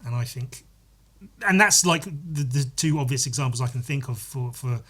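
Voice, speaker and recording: A young man hosting a podcast, talking through a film in a casual, animated way, swearing freely and acting out quoted lines. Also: medium pitch, moderate pace, husky. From United Kingdom. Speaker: podcast host. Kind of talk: casual film-analysis monologue.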